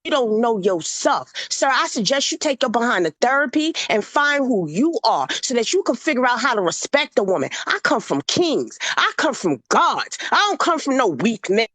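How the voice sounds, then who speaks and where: A woman in her forties arguing on a livestream panel, forceful and indignant, firing off rhetorical questions. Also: a little high, big pitch swings, normal speed, hardly any pauses, no echo. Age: 40s. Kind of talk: heated panel debate.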